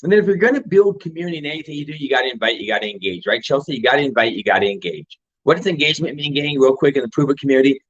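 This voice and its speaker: An older man giving a casual motivational talk as a fitness and home business coach, energetic and driving his points home with rhetorical questions. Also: mid-range voice, rapid-fire, hardly any pauses. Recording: dull lo-fi audio.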